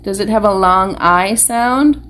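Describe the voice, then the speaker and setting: A woman teacher with a mid-range, somewhat bright voice speaks a little slowly as she gives a live online phonics lesson to young children. Patient and encouraging, she asks them one question after another.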